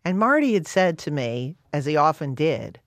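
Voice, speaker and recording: A woman guest in an interview, telling a story in an animated, chatty way with lots of "you know" and "like". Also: low voice, normal speed, no echo, clean studio sound. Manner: animated and chatty, with many fillers. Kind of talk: casual storytelling.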